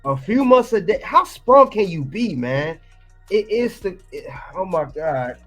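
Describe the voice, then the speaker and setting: A man's voice: high-pitched, big pitch swings, a little slow, fairly bright tone, faint music behind. A man giving casual reaction commentary, emphatic and ranting, often repeating his points.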